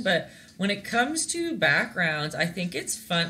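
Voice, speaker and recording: A woman's voice: fairly low pitch, lively intonation, moderate pace, hardly any pauses, bright, forceful tone. A young Canadian woman teaching a casual live-stream painting lesson, chatty and giggly, rambling with lots of fillers. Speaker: painting instructor.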